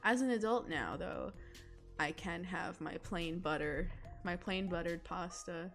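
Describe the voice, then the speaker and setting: A woman's voice: lowish voice, unhurried, a bit bright, soft background music. A young woman chatting casually with her chat while she draws, giggling often and rambling about food. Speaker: illustrator streaming live drawing.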